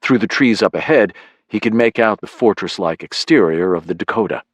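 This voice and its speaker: A male narrator reading a thriller in a lowish, lively voice. His delivery is measured and expressive, and the sound is dry and close with no room. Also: no room sound. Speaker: audiobook narrator. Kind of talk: scripted narration.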